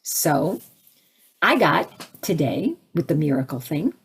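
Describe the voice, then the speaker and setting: Woman, spiritual talk, animated delivery, very lively pitch, breathy edge. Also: slow. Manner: animated, rising to high exclaims when acting out her own reactions; conversational, asks the audience questions. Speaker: spiritual teacher.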